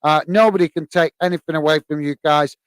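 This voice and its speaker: English bloke hosting a football stream, higher voice, smooth, says uh a lot. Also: male voice, steady tone, quick pace, no echo. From England. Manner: lots of "uh" fillers, repeats "mate" and thanks. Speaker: host reading live chat. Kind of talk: live stream chat reading.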